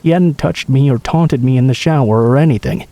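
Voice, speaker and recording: A man narrating a true horror story in the first person, in a measured, somber way. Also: medium pitch, mellow, no room sound, low-quality recording.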